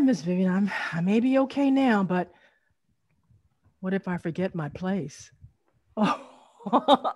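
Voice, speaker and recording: A woman's voice: a little high, darkish tone. A middle-aged woman, leading an online storytelling workshop over a video call, encouraging and laughing often.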